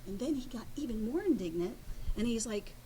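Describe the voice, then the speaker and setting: Halting woman painter telling a story. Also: fairly high pitch, expressive, mellow, slight background noise, rough recording. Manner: halting, many pauses and restarts. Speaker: painter, guest. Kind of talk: storytelling interview.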